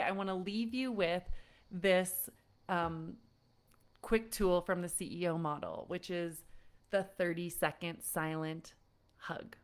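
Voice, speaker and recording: A woman who coaches parents teaches an online lesson, lively and frequently laughing as she imitates exasperated parents. Her voice sits lowish and sounds smooth.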